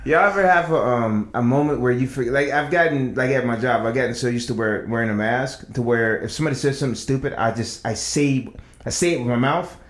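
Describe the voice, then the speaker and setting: A man's voice: medium pitch, brisk, echoey room. A man co-hosting a podcast, telling casual stories and acting out other people's lines. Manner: animated storyteller acting out quoted voices. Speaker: podcast co-host. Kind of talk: casual chat.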